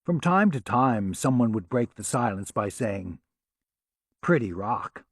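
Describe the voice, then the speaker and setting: A man narrating an audiobook in a measured, wry storytelling manner. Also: medium pitch, slightly rough, no echo, studio quality. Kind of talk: scripted narration.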